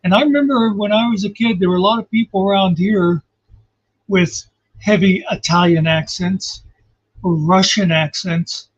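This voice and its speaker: Male caller, husky voice, muffled lo-fi line, rambling and reflective. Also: sits high, normal speed. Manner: rambling, reflective, repeats "you know". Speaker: guest commentator. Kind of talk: casual livestream chat. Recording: muffled lo-fi call audio.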